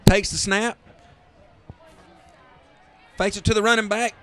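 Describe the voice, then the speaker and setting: A man with a Southern accent calling high school football play by play, rising to excited near-shouts on big runs. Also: slow pace, slight background noise. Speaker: play-by-play announcer.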